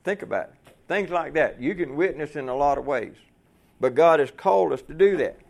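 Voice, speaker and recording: A man's voice: on the high side, moderate pace, creaky, a little mellow. A man preaching a folksy sermon to fellow truckers, asking the room rhetorical questions.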